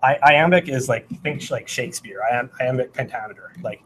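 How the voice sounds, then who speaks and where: Speaking a little fast in a medium, fairly bright voice, this man gives a casual technical talk with a live demo in a meetup room, rambling, self-correcting, leaning on fillers and singing Morse rhythms aloud. There's a bit of hiss or hum, and the audio quality is poor.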